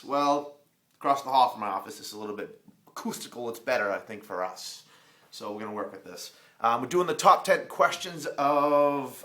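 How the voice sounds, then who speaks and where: A middle-aged man with a Boston accent talks in a loose, rambling way, cracking jokes as he gives real estate tips. He is recorded live in a bare room near his office, and his voice echoes around it. His pitch sits in an ordinary middle range for a man. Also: bright, forceful tone. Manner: rambling, joking, conversational. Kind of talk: live casual video talk.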